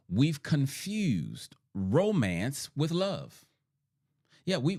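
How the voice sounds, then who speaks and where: A middle-aged man, a therapist hosting a podcast, teaching in a monologue with emphatic repetition and frequent "right?" checks, a little sick and clearing his throat. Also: medium pitch.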